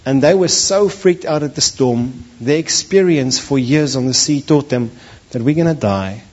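A man preaching a sermon, animated, acting out the voices of the people in his stories. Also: mid-range voice, normal speed. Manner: animated, acts out voices of biblical figures. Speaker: pastor. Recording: dull lo-fi recording.

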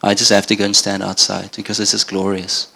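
A man's voice: fairly low pitch, monotone, fairly quick, gravelly, sharp tone, husky. A middle-aged man from Namibia preaching a sermon in an earnest, conversational way. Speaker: pastor.

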